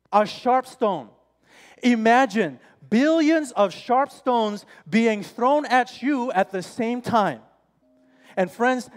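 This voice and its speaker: A man in his forties preaching an impassioned, emphatic sermon in a church, often calling his listeners friends. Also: high-pitched. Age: 40s. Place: church sanctuary. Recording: church hall reverb, faint music.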